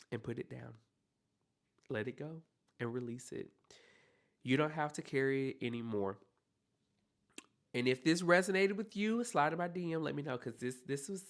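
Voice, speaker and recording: A man's voice: on the high side, a bit bright. A man hosting a solo podcast, talking earnestly and encouragingly straight to the listener. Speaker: podcast host.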